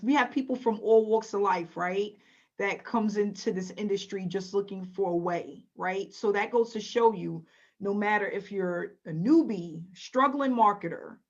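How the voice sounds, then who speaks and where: A woman's voice: mid-range voice, lo-fi sound. Upbeat woman hosting a webinar. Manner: upbeat, chatty, laughing often. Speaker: webinar host.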